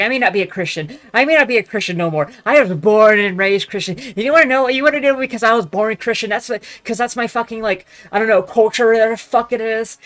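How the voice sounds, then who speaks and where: A young man from Texas, ranting loudly in a profane, rambling monologue full of restarts. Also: high-pitched. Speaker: vlogger.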